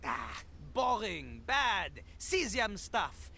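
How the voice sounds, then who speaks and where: A man's voice: sits high, sing-song, extremely slow, background noise, full character voice. An actor voicing a cocky male talking toilet who lectures and breaks into rap. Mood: lecturing.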